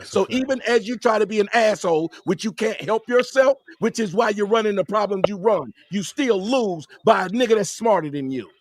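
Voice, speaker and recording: A man with a high voice argues hard on a live streamed panel. He is profane and combative and keeps talking over the other guest. The sound is dry and close to the mic. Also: animated, brisk, hardly any pauses, no room sound. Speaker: show host. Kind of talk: heated panel argument.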